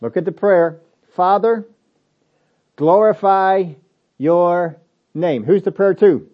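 Emphatic high-voiced male preacher. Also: slow, muffled recording. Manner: emphatic, repeats phrases, rhetorical questions. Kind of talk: sermon.

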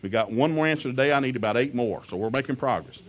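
A man's voice: mid-range voice, quick pace. Folksy, fervent male preacher. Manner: folksy, emphatic, builds to loud fervent peaks while quoting scripture; chuckles between lines. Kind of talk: sermon. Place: church service before a congregation.

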